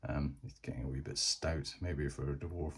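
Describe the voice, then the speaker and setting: Deep-voiced man narrating a board game. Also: fairly even intonation, normal speed, a little hiss or hum. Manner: chatty, thinking aloud. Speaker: solo game player and narrator.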